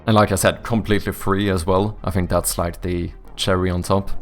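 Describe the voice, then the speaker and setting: A man's voice: low voice, flat delivery, brisk, faint music behind. A man from Sweden with a Swedish accent and British-leaning English, streaming live and chatting casually with his viewers, rambling and joking as he corrects himself. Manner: rambling, self-correcting, jokey. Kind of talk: casual live-stream chat reading chat aloud.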